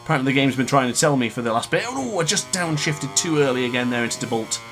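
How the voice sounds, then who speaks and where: A man's voice: medium pitch, lively intonation, fast talker, music in the background. A man in his late twenties commentating his own racing game live, ranting in frustration between exasperated laughs. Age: 20s. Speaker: gaming YouTuber.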